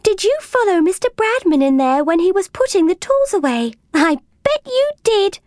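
Woman reading high, breathless storybook girl, eager, dry close sound. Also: very animated, moderate pace, darkish tone, no echo. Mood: anxious girl. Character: excitable young girl, worried for her cat.

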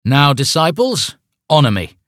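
A man putting on a pompous young cult leader with a raised, loud, ranting voice. He talks grandly and bosses his followers around in a dry, close reading. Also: a little high, sing-song, measured pace, dry recording, voice pushed up. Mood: grandiose. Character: pompous young male satanic sect leader, bossy.

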